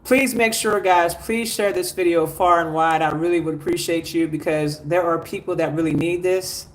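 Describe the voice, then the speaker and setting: A man's voice: on the high side, fairly even intonation, normal speed. A man hosting a spiritual livestream, reading out viewer comments and urging people to like, share and donate. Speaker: spiritual teacher.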